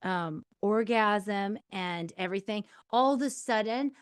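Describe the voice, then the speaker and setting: A woman's voice: mid-range voice, unhurried, smooth, no echo, clean studio sound. A woman in her thirties hosting a podcast, giving candid, chatty advice with lots of fillers. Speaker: podcast host. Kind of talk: casual advice monologue.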